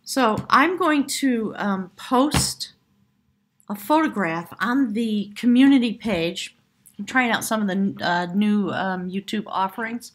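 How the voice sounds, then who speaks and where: A woman with a husky, airy voice reads tarot cards to camera. She talks in an effusive, heartfelt way and drifts between thoughts with gentle fillers. Her pitch sits in an ordinary middle range. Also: expressive, slow. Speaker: tarot reader. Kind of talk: spiritual tarot reading to camera.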